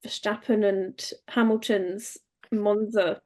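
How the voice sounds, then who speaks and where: A woman's voice: medium pitch, flat delivery, slow pace, darkish tone. A woman co-hosting a casual podcast, chatty and a little hesitant. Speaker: podcast co-host.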